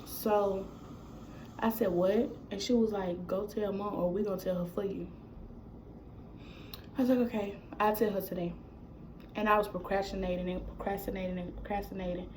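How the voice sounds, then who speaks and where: A woman's voice: medium pitch, normal speed, pauses often, slight background noise, poor audio. Young woman telling a casual storytime. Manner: casual, animated retelling with quoted dialogue. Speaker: vlogger. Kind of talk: storytime vlog.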